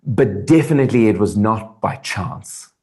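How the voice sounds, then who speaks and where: Animated South African man, earnest. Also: lowish voice, measured pace. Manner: animated, earnest, thinks aloud with restarts. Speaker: actor guest. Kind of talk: interview conversation.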